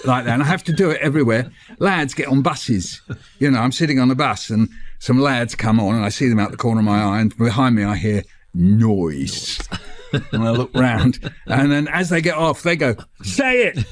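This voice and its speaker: An older man, a guest on the show, telling a lively anecdote and acting out the voices of the people in it. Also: mid-range voice, no room sound. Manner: animated, acts out voices in his stories. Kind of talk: anecdotal storytelling.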